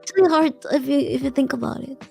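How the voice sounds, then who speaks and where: High-pitched giggly young woman guest. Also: quick pace, creaky, darkish tone, soft background music. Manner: giggly, hesitant, repeats words. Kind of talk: casual interview chat.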